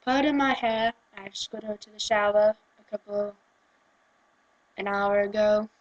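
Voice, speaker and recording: A young woman from the UK, ranting on camera in an exasperated, animated way. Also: mid-range voice, measured pace, highs cut off. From United Kingdom. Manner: exasperated, animated, switches into mocking quoted voices. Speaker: vlogger. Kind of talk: casual ranting vlog.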